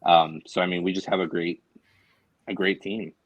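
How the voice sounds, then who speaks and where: A man's voice: low voice, level tone, normal speed, no echo, muffled recording. A man chatting enthusiastically on a theater panel, with many fillers. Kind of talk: casual panel chat.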